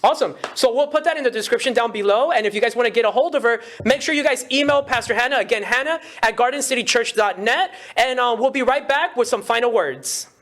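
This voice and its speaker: A man's voice: very high-pitched, a bit bright. A man hosting a casual interview show, asking questions and speaking to viewers. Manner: rapid, with fillers and restarts, addresses viewers. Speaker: show host.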